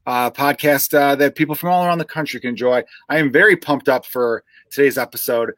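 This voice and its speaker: A man's voice: mid-range voice, brisk, a bit bright, dry recording. Chicago-accented male podcast host, thirties, loose and rambling, dry close mic. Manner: rambling, swears casually, restarts a lot. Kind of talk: casual comedy podcast chat.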